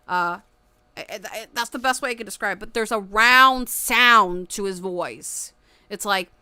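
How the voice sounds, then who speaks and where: A young woman giving tarot readings on a casual livestream, rambling with lots of fillers and breaking into excited laughter now and then. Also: a little high, clean tone, dry recording.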